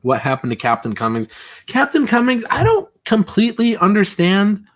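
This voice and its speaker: Animated male livestream host. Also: high voice, normal speed. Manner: animated, laughs often, mimics callers. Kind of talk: casual livestream chat, reading chat comments.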